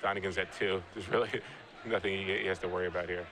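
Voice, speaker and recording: A man in his thirties doing live game commentary, a chatty and animated storyteller who often restarts his sentences. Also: deep voice, quick pace, a crowd in the background. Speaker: guest commentator, pro player.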